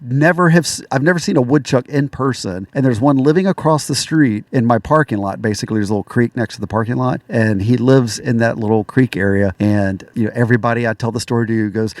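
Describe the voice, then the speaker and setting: A man's voice: mid-range voice, fast talker, hardly any pauses, no room sound. A man co-hosting a podcast, a laid-back storyteller who swears casually and laughs a lot. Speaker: podcast co-host.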